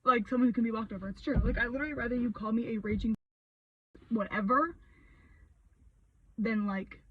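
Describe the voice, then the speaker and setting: A young woman vlogger ranting a story in a heated, sweary, expressive way, full of fillers. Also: on the high side, brisk, slightly rough, far from the mic, phone-quality sound.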